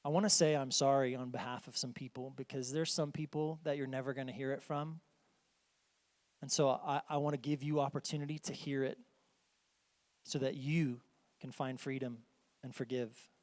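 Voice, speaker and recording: A man's voice: mid-range voice, fairly even intonation, normal speed, long reverb tail. A man preaching a sermon as pastor to his congregation in a church, earnest and emphatic. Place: church sanctuary.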